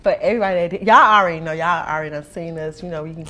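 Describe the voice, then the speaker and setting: A woman's voice: fairly low pitch, very fast, pushed and bright, a little hiss or hum. A woman hosting a casual interview, flirty and teasing. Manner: flirty, teasing, laughs often. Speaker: podcast host.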